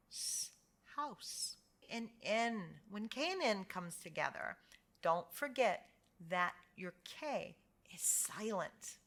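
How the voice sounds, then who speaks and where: An American woman teaching a slow, encouraging phonics pronunciation lesson, drawing out each sound for learners to repeat. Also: fairly low pitch, pushed and bright. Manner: drawn-out modeling of sounds, encouraging.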